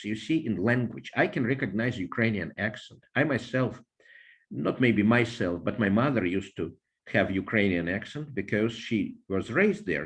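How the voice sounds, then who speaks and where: An older man, speaking as an interview guest in a thoughtful, lecturing way, with frequent pauses and filler sounds. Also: medium pitch. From Soviet Union. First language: Russian. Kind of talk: conversational academic interview.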